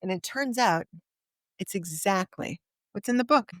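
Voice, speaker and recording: Woman podcast guest, middle pitch, dry close mic; lively storyteller who acts out quoted dialogue. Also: measured pace, no echo. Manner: vivid anecdote teller, acts out quoted dialogue. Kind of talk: storytelling in conversation.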